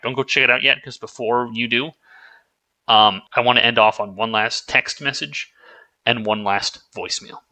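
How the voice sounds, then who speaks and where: A man's voice: on the low side, sharp tone, poor audio. A man talking to his viewers in a casual, rambling vlog, often restarting his sentences and swearing offhandedly. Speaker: YouTuber.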